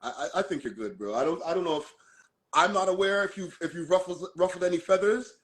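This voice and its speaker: A man's voice: high-pitched, fast talker, fairly bright tone, poor audio. A man from Toronto with a Toronto accent, chatting easygoingly as a guest on a live stream and using slang like "fam" and "bro". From Toronto, Canada. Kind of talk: casual chat on a live stream.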